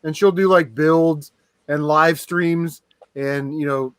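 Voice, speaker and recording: A man's voice: on the high side, steady tone, takes it slowly, a bit bright, smooth, dry recording. A man co-hosting a casual podcast chat, easygoing and loose, padding his talk with fillers. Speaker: podcast co-host.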